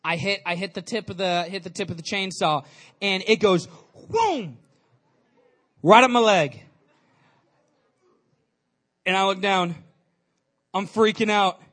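Man, high voice, youth speaker, lively storytelling sermon, talks straight to the audience. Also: a little slow, long pauses. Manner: energetic, chatty, engages the crowd with questions.

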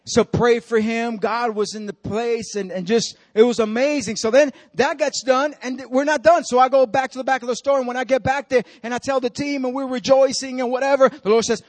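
A man preaching and telling a story in an animated way, acting out what was said and dropping to a hush for the serious parts. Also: very high-pitched, a little fast, few pauses, no room sound. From Dominican Republic. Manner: animated, acts out quotes with dramatic drops to a hush. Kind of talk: sermon storytelling.

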